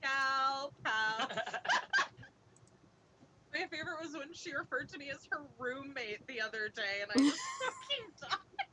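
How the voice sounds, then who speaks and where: A woman's voice: high-pitched, very animated, a little slow, heavy background noise. A woman player chatting playfully and giggling during a tabletop game session. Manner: giggly, playful, self-deprecating. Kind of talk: casual tabletop game chat.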